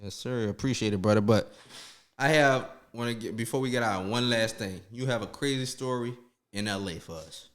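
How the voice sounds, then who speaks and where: A young man in his twenties hosts a casual podcast chat. His voice sits at an ordinary middle pitch. He teases his guest playfully and fires off quick questions. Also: a bit bright. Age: 20s. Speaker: podcast host.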